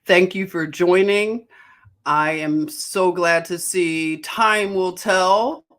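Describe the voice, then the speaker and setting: A woman's voice: fairly low pitch, slow pace, fairly bright tone. A woman with a Philadelphia accent hosting a casual livestream, greeting viewers by name and laughing often. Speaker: livestream host.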